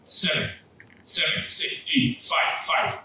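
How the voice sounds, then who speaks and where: A man from Ghana hosting a poetry slam, briskly calling for scores and repeating them aloud in a teasing way. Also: sharp tone. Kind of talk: emceeing, announcing scores. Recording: echoey hall, distant from mic, background noise.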